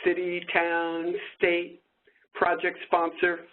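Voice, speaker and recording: A man's voice: sits high, monotone, slow. A man co-hosting a training webinar, joking and bantering with his co-host, over tinny phone-like audio. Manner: jokey, playful banter. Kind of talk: casual webinar presentation.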